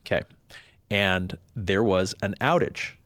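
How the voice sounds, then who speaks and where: A man in his thirties sits as a podcast guest and tells a long personal story in an easy, conversational way. His voice sits on the low side, and he slips into other people's voices when he quotes them. The sound is dry and close, with no room around it. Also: slow pace, no echo. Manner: animated, acts out quoted voices. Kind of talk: storytelling in casual chat.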